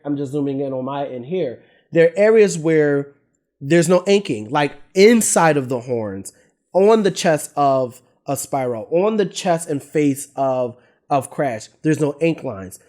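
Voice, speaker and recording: A man's voice: a little high, darkish tone. A thirty-year-old man, an artist, talking casually and candidly about his own work, trailing off and restarting and getting emotional. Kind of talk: casual talking-head vlog.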